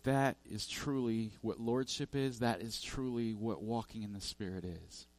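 This preacher's voice sits fairly low, and he talks a little slowly as he relates a parable. Repetitive, emphatic lists and many restarts mark his sermon storytelling.

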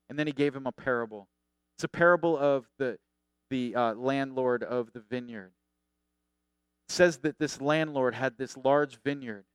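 A middle-aged man preaching a sermon as a pastor, conversational and animated, acting out the people he quotes. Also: medium pitch, unhurried, long pauses, clear, resonant tone, no room sound.

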